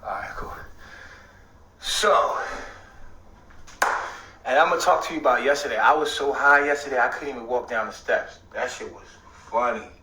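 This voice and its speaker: A man telling a rambling story in casual talk, swearing often and at times breaking into shouts. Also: mid-range voice, moderate pace, long pauses, recorded from a distance, a little hiss or hum. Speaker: host. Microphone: streaming setup. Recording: echoey room, away from the mic.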